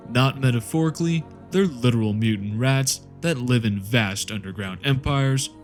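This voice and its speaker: A man narrating a lore explainer in a comedic, scripted way, full of sarcastic jokey asides. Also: medium pitch. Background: faint background music.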